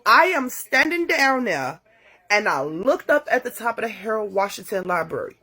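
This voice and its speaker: A woman telling a dramatic story to her phone in a casual, profane and animated way. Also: mid-range voice, moderate pace, husky. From Chicago. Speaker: TikTok storyteller. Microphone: phone mic.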